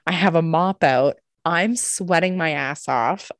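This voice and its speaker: A woman co-hosting a podcast, telling a story in a lively, casual way, swearing freely and acting out what people said. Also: low voice, unhurried, no echo, clean studio sound. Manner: animated, swears a lot, acts out quotes. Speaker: podcast co-host.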